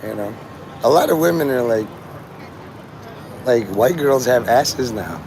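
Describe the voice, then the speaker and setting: Gravelly, profane man livestreaming outdoors. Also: mid-range voice, expressive, unhurried, background noise. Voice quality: gravelly, strained voice he calls his normal one. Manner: rambling, profane, free-associating, talks to chat. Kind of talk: rambling live stream monologue. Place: outdoors on a city street.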